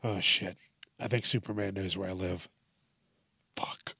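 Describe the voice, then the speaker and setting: A man's voice: sits low, steady tone, normal speed, vocal fry, sharp tone, husky, no room sound, studio quality. A man hosting a podcast alone, rambling through a casual, profane, self-mocking monologue. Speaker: podcast host.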